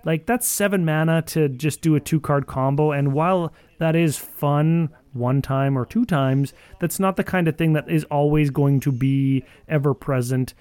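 A man's voice: on the high side, normal speed, hardly any pauses, darkish tone, clear, resonant tone, no echo. A man co-hosting a casual podcast, rambling in a sardonic, profane way with lots of "like" fillers. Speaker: podcast co-host. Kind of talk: casual card game chat.

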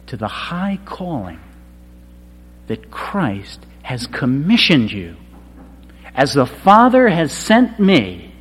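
A man preaching a sermon, with a dramatic delivery that swings from hushed passages to loud, emphatic cries. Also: on the high side, breathy edge. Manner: slow, dramatic delivery swinging from quiet to shouted. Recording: long hall reverb.

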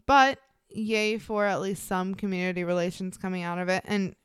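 A woman co-hosting a podcast, chatting casually in an animated, emphatic way. Her voice is smooth and resonant at a middle pitch. The sound is dry and close, with no room around it. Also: normal speed, no room sound. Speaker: podcast co-host.

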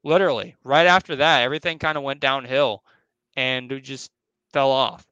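In a muffled recording without room sound, a young podcast host tells a spooky story from his own life. His medium-pitched voice is steady, bright, forceful and clean at a moderate pace, and he rambles in slang, swears, and voices what others said.

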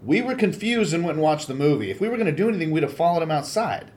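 Male guest, somewhat higher-voiced, loose and profane, spinning stories with energy. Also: very fast. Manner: profane, animated storyteller. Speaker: guest, sword fighting coach. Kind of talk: casual podcast conversation.

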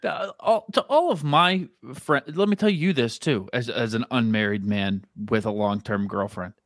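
A man's voice: medium pitch, moderate pace, fairly bright tone, dry recording, studio quality. A man co-hosting a hockey podcast, chatting in a laid-back, dryly joking way. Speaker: podcast co-host. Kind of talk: casual sports chat.

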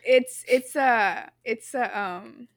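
A woman's voice: fairly high pitch, slow pace, gravelly, no echo, studio quality. A woman co-hosting a casual podcast chat, rambling with fillers and restarts and laughing easily. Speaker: podcast co-host reading the quiz.

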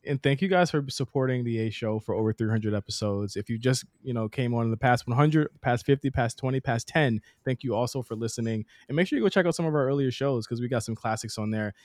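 A man's voice: medium pitch, darkish tone, no room sound, studio quality. A man co-hosting a podcast, talking enthusiastically and swearing freely in casual chat. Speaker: podcast co-host.

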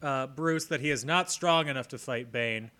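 A man's voice: mid-range voice, moderate pace, bright, forceful tone. A man hosting a casual podcast, joking his way through a movie plot summary he reads aloud. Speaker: podcast host.

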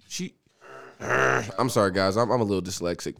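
A man's voice: lowish voice, moderate pace, gravelly. A man hosting a podcast in casual, profane chat, telling stories with lots of laughter. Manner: animated, laughing, profane storytelling. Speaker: podcast host.

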